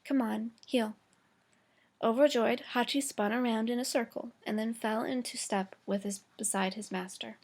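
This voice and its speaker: Woman teacher, higher voice, reads a chapter aloud to the class, slow, fixes her own slips. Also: fairly even intonation, darkish tone. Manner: slow, careful reading with small stumbles and self-corrections.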